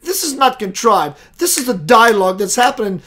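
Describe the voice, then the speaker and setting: A man's voice: high-pitched, very animated, brisk, a bit bright, slight background noise. Earnest man recounting a spiritual experience. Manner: earnest, reflective, re-enacting dialogue. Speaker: host. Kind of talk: spiritual storytelling monologue.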